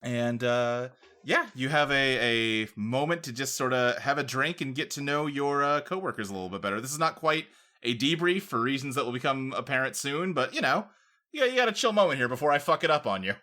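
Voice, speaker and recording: A man's voice: medium pitch, animated, brisk, bright, forceful tone. A man running a tabletop game as game master, easygoing and chatty.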